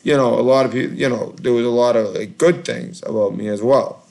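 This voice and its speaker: Boston man, creaky voice, halting and rambling, call-in show chatter. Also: mid-range voice, steady tone. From Boston, Massachusetts. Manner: rambling, halting, heavy on fillers. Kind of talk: casual call-in chat.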